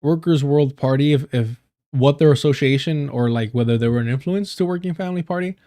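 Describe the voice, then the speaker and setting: A man on a live stream, spinning casual stories from work with plenty of cursing and laughter. His voice sits at an ordinary middle pitch and his talk wanders, doubling back on itself as he goes. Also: a little fast, dark tone. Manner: profane, laughs often, loose and rambling. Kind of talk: casual storytelling.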